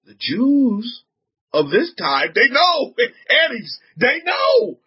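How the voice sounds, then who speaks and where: Southern us guy preaching casual to a group, high voice, kinda husky, keeps asking questions n repeating himself. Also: wildly swooping pitch, slow, highs cut off. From Southern United States. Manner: repetitive, restarts a lot, fires rhetorical questions at listeners. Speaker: religious teacher addressing a group. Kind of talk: informal religious talk.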